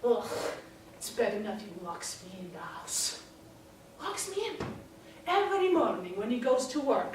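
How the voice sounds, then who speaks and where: Woman doing a high-voiced italian housewife, broken english, real theatrical, sounds far off in an echoey theater. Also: a little hiss or hum. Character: excitable Italian housewife locked at home. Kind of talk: stage monologue. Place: theater stage. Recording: distant, echoey live theater recording.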